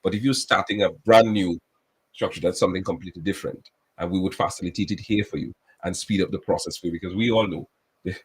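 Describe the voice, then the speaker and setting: A man's voice: deep voice, steady tone, fast, slightly rough, low-quality recording. A man, a government official speaking as a guest on a radio talk show, earnest and explaining at length with many restarts.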